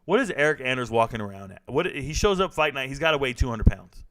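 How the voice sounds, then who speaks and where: Smooth-voiced man trash-talking on stream. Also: mid-range voice, expressive, fast talker, a bit bright. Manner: joking, trash-talking, slangy. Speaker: livestream host reacting to fights. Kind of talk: casual live-stream chat reading viewer comments.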